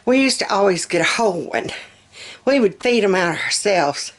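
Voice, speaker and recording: A woman's voice: medium pitch, expressive, moderate pace. A middle-aged woman from Alabama with a Southern accent, chatting casually on her home vlog, a bit out of breath, rambling with fillers. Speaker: home vlogger.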